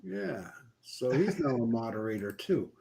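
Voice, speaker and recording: A man's voice: medium pitch, big pitch swings, unhurried, creaky, mellow. Regular guy cohosting a live call-in chat, laughs a lot, keeps restarting his sentences, sounds like a video call. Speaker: co-host. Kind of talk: casual chat.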